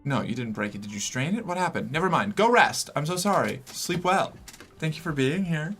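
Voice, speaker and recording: A man's voice: on the high side, lively intonation, a little fast, a bit bright, soft background music. A young man from the US Northeast streaming and chatting casually with viewers, talkative and rambling with many fillers. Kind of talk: casual chat reading viewer messages.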